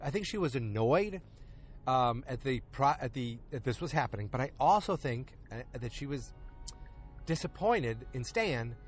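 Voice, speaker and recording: A man hosting a podcast, recapping an episode in a loose, casual way and acting out the characters' lines in quick quotes. He is recording outdoors in a park. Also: mid-range voice, animated, faint music behind. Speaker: podcast host.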